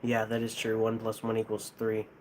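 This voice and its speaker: A man with a lisp, chatting casually on a live stream, hesitant and halting, with frequent restarts. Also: on the low side, completely flat delivery, slight background noise. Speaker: streamer ranking plush toys.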